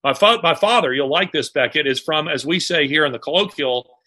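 Bright-voiced man, halting. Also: fairly high pitch, expressive. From Alabama, US. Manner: halting, with many pauses and restarts. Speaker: author guest. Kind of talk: casual interview conversation.

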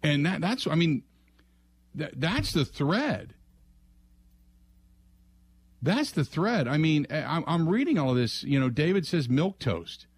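A man's voice: on the high side, big pitch swings, husky. A man hosting a sports call-in radio show, thinking aloud with frequent restarts and trailing phrases. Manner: musing, halting, many restarts.

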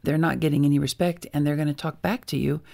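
A woman's voice: deep voice, fairly even intonation, fast talker, creaky, a little mellow. A woman author on a talk show, giving emphatic parenting advice. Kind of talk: interview conversation.

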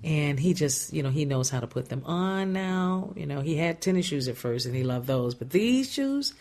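A woman's voice: low voice, lively intonation, moderate pace, a little mellow. A woman co-hosting a radio show in casual chat, playful and teasing. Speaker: radio co-host.

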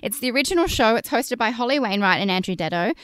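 A woman's voice: a little high, animated, quick pace, fairly bright tone, smooth, dry recording, clean studio sound. Chatty Australian woman podcast host. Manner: chatty, outgoing and laughing. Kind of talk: casual podcast chat. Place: closet at home, recording remotely.

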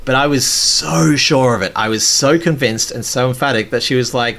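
Male podcast host, candid storytelling, self-critical, swears freely, expressive pitch that rises and falls a lot. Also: normal speed, hardly any pauses.

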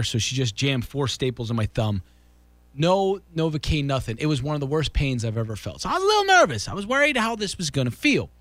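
A man's voice: on the high side, no echo. A man casually telling a story, acting out quotes and restarting sentences.

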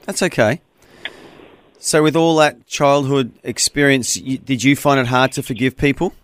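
A man's voice: mid-range voice, steady tone, moderate pace. A man hosting a Christian talkback radio show, taking callers in an earnest, encouraging, conversational way.

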